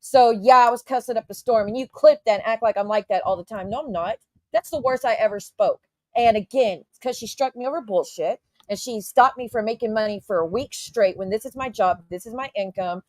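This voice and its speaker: Woman, livestream rant, indignant, cusses a lot, fairly high voice, dry sound. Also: brisk, darkish tone, dry recording. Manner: indignant, profane, talks straight to her chat. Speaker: YouTube livestreamer. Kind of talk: casual ranting livestream.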